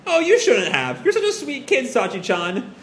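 A man's voice: sits high, big pitch swings, normal speed, a bit bright. A man voicing a brash, teasing mother who cackles and jokes, reading a manga aloud. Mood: gushing. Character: brash laughing mother, a TV producer. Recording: echoey room, faint hiss.

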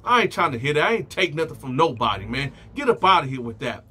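A man's voice: a little high, very animated, quick pace, pushed and bright, slight background noise. A man voicing an intimidating male prisoner who talks bluntly and threatens in slang. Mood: threatening. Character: menacing intimidating male inmate bully.

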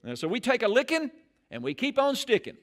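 A man preaching a sermon as pastor in a church, animated and rising loud on key phrases. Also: very high-pitched, a little fast. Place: church sanctuary.

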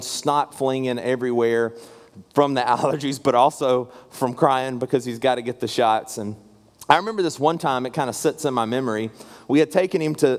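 A man in his thirties preaching a storytelling sermon as a guest pastor, earnest and conversational, often restarting his sentences. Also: mid-range voice. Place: church sanctuary. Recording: long reverb from a large hall.

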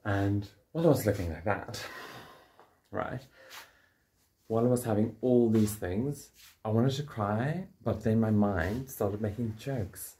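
Speaking at a measured pace in a lowish voice, a South African English-accented man shares a personal story on a casual vlog. He swears and jokes throughout the animated retelling, and slight background noise is audible.

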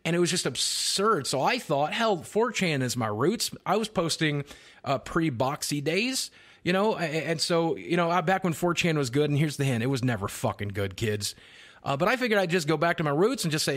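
A man's voice: on the high side, animated, moderate pace, a bit bright. A man guesting on a podcast over a group call, talking bluntly and rambling through profane stories. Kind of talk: casual podcast chat. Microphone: call-in mic on a group voice call.

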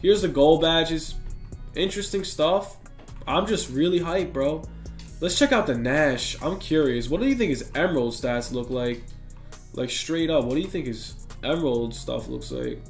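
A young man giving excitable, slang-heavy commentary on a basketball video game and talking straight to his viewers. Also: on the high side, moderate pace. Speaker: gaming YouTuber. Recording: echoey room with faint music.

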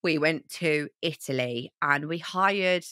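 A young woman co-hosting a podcast, animated and exclaiming, acting out other people's lines in a high voice. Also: slow, clean tone, no echo, studio quality. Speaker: podcast co-host. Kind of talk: casual chat.

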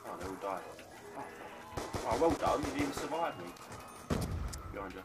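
A man's voice: mid-range voice, lively intonation, normal speed, over music. A young man teasing his friend in casual banter during a zombie game. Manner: joking, teasing. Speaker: co-player. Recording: distant mic, loud game noise.

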